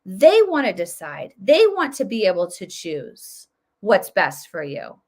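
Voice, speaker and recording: A woman's voice: mid-range voice, wildly swooping pitch, unhurried, darkish tone. A woman in her thirties hosting her own political commentary video, talking emphatically and casually with many fillers and restarts. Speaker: political vlog host.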